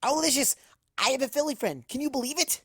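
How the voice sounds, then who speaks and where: A man voicing an excitable young female unicorn scholar in a fanfic audiobook reading, gushing and bouncy. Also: high-pitched, moderate pace, vocal fry, no echo, clean studio sound, pitched above the performer's own voice. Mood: giddy.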